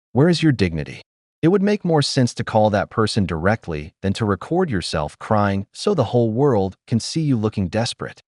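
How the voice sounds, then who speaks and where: A man's voice: on the low side, a little mellow, no echo, clean studio sound. A man hosting reaction commentary, blunt and judgmental as he weighs in on clips. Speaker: commentary host.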